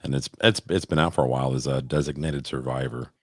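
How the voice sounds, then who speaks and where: A man's voice: extremely low pitch, steady tone, fast talker, dry recording, studio quality. A man chatting casually on a live show, joking and wisecracking, often mumbling and trailing off. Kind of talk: casual chat.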